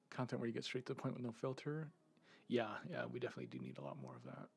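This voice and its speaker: A man's voice: medium pitch, gravelly, husky. A man streamer in casual live chat, rambling freely, laughing often and swearing. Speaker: streamer and 3D content creator.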